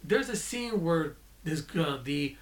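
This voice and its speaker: A man with a slightly high voice rants casually about movie characters, sounding fed up. He rambles, restarts his sentences and corrects himself as he goes. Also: animated, takes it slowly. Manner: mocking quotes in a shrill put-on voice. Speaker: movie vlogger. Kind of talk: casual ranting movie review.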